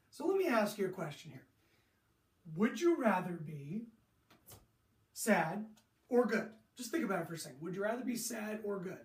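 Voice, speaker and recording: An animated sports coach teaches young athletes about handling moods, firing off rhetorical questions and slipping into quick impressions of sulky players. The voice sits a little back from the mic, in a room with a noticeable echo. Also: medium pitch. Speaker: sports mental performance coach. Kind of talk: motivational lesson to young athletes. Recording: roomy echo, distant from the mic.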